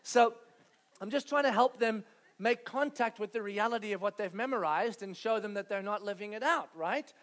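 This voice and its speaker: During a sermon, a pastor in his thirties tells a family story in a high voice at a moderate pace, acting out scenes with loud, animated bursts.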